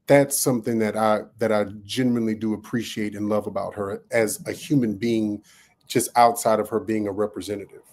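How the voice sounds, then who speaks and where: A man's voice: lowish voice, fairly even intonation, moderate pace, darkish tone. A man on a panel, sincerely praising a colleague. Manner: sincere, appreciative. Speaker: panel guest. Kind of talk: casual tribute.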